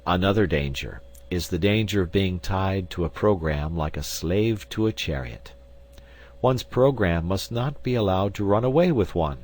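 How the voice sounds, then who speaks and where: A man reading an essay aloud as an audiobook narrator, in a measured, formal manner. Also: deep voice, darkish tone, poor audio. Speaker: audiobook reader.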